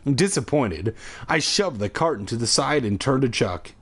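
A man's voice: mid-range voice, expressive, normal speed, fairly bright tone, husky. A man hosting a podcast, reading a spooky children's book aloud with irreverent, profane comic asides.

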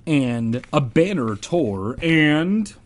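A man's voice: a little high, very animated, exaggerated voice. A man reading as a nervous schoolboy. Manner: hurried excuses. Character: nervous schoolboy narrator, eager to leave.

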